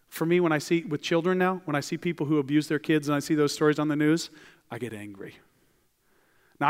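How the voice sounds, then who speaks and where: Animated male pastor in a reverberant hall. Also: a little high. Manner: animated, acts out voices of biblical figures. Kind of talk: sermon. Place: church.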